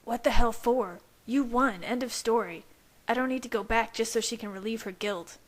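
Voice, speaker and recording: A woman's voice: a little high, moderate pace, lightly acted. A woman voicing an angry, defiant young male werewolf who snaps his lines resentfully. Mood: bitter. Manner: snarling, resentful.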